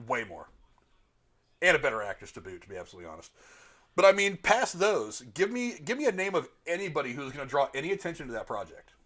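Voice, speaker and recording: Blunt, fast-talking male podcast host. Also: fairly high pitch. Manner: blunt, profane, animated arguing. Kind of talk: casual opinionated discussion.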